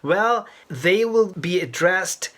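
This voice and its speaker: A woman's voice: fairly low pitch, expressive, takes it slowly, fairly bright tone. A woman in her forties from Italy with a northeastern Italian accent, teaching Italian in a patient, chatty video lesson that drifts into side notes. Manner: chatty, digressive, patient explainer.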